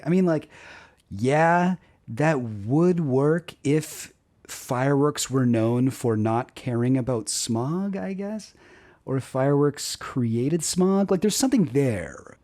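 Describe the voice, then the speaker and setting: A man's voice: on the high side, dark tone. A Canadian man giving wry, rambling casual commentary on a video as a creator. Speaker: YouTube creator. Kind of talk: casual commentary reading jokes aloud.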